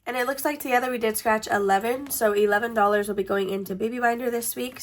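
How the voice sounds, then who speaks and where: A woman's voice: on the high side, steady tone, fast talker, few pauses, slight background noise. A woman with a congested, stuffy nose, talking casually as the host of a budgeting vlog. She speaks in a chatty way and often restarts her sentences.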